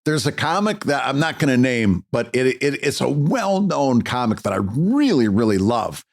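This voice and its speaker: A man's voice: medium pitch, sing-song, normal speed, vocal fry. A man co-hosting a podcast in casual chat, blunt and emphatic, restarting his sentences often. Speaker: podcast co-host.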